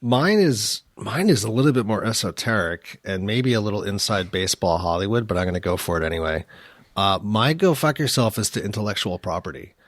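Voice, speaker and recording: A man with a mid-pitched, dry-sounding voice shares stories on a comedy podcast. His delivery is laid-back and self-deprecating. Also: expressive, brisk, no echo. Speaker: guest, former TV producer. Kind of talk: casual podcast chat.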